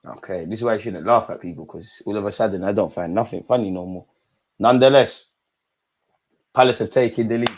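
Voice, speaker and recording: A young man hosting a live football watch-along, chatting in street slang and shouting when goals go in. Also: medium pitch.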